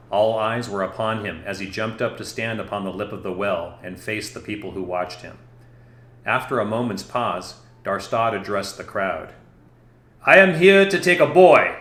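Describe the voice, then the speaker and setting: Low-voiced male narrator, echoey room. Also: slight background noise. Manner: steady, measured reading. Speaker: audiobook narrator. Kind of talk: scripted narration.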